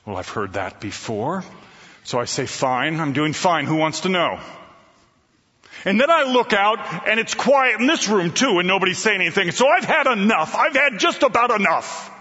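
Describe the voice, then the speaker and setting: A man's voice: sits high, sing-song, normal speed, bright, forceful tone. A man preaching a sermon, telling a story and quoting scripture emphatically, in a reverberant hall. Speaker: pastor. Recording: reverberant hall, dull lo-fi sound.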